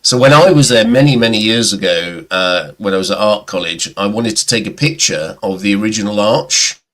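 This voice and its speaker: A man's voice: on the low side, a little fast, fairly bright tone. A middle-aged man chatting casually on a livestream, telling rambling anecdotes and sometimes mimicking other people's voices. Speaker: guest. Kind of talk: casual chat about records. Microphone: webcam or computer mic on a livestream.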